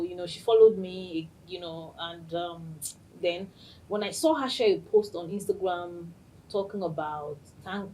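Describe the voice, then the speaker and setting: A woman hosting a podcast, telling a personal story in an excited way and laughing often. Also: fairly low pitch, low-quality recording. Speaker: podcast host.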